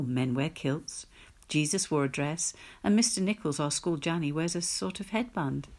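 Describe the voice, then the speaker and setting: A woman reading a first-person story aloud in a wry, measured storytelling manner. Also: sits low, a little mellow. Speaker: reader. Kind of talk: audiobook narration.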